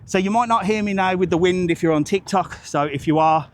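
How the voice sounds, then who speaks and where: A man's voice: high voice, brisk, slight background noise. A man, chatting rambling and jokey on a live walking vlog outdoors, swearing casually, into a handheld phone. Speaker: travel vlogger.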